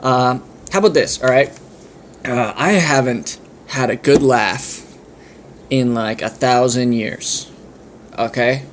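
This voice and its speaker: Man putting on a blue dragon, bored and hungry, lazy drawl, mid pitch, storytelling voice. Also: takes it slowly, long pauses, slight background noise, lightly acted.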